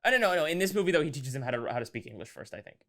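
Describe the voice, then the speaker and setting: A man's voice: a little high, sing-song, rapid-fire, a bit bright. A man co-hosting a casual movie review chat, rambling and joking, often mock-quoting characters. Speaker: podcast co-host.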